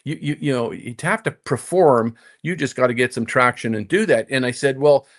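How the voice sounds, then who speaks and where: Animated older man telling a story. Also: mid-range voice, normal speed. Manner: animated storyteller, many repeated "and, and" restarts, acts out his own inner voice. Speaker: guest, former tour golfer. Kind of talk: storytelling in casual conversation.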